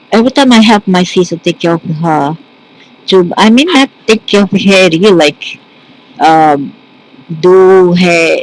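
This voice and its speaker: A woman telling a personal story in a reflective, earnest monologue, halting often and restarting her sentences. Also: lowish voice, a little mellow, low-quality recording. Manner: earnest and tender. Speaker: spiritual speaker.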